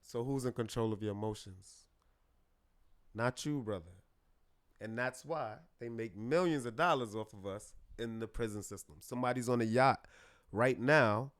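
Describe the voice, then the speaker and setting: A man talking as a therapist guest on a podcast, animated and acting out his clients' voices. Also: mid-range voice. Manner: animated, acts out clients' voices, calls listeners brother. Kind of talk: podcast conversation.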